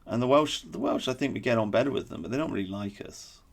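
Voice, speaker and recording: A man's voice: medium pitch, fast talker. A man delivering a blunt, opinionated political commentary monologue with sarcastic asides. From England.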